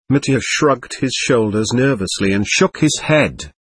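A man reading an audiobook of a classic novel in an expressive storytelling manner. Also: mid-range voice, a little slow, husky, no echo. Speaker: audiobook narrator. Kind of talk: scripted narration.

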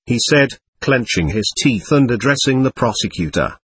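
A man narrating a novel as an audiobook in an expressive storytelling manner, close to the mic. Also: medium pitch, normal speed, slight background noise.

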